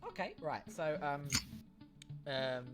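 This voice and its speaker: A man's voice: a little high, expressive, slow, over music. A man narrating as game master of a tabletop game, casual, with fillers.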